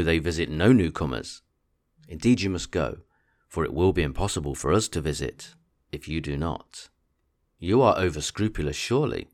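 Man doing an excitable, insistent mother. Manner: eager, insistent, raised pitch. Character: excitable chattering middle-aged mother, woman.

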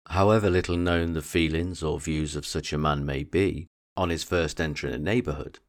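A man narrating a classic novel as an audiobook, in a measured, even reading. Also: extremely low pitch.

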